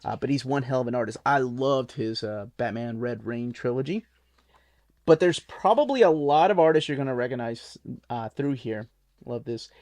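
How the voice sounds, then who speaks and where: A man's voice: mid-range voice, moderate pace, darkish tone, dry recording. Enthusiastic man with a dry sound. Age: adult, watched reruns as a kid. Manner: enthusiastic, rambling with fillers. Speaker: book reviewer. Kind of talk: casual product overview.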